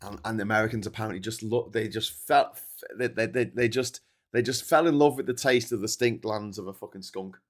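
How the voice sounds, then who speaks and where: A man's voice: lowish voice, a little fast. A man hosting a casual live-stream, rambling through news and viewer comments, swearing and laughing often. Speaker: host.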